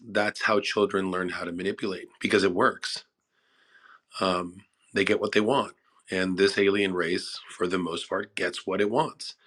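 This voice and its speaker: A man with a very low voice and a bright, forceful edge talks through his idea at a measured, considered pace. He often repeats himself while gathering his thoughts, in a relaxed group chat over a phone app. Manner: thoughtful, explanatory, repeats words while thinking. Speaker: audience guest speaker. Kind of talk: casual discussion. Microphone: phone app audio chat.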